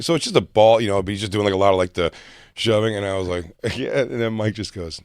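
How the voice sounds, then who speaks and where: Male comic, lowish voice, dry close sound, rambling anecdote style. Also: fast, clean tone, dry recording. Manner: rambling, animated, acts out quotes. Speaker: comedian. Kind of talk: casual podcast storytelling.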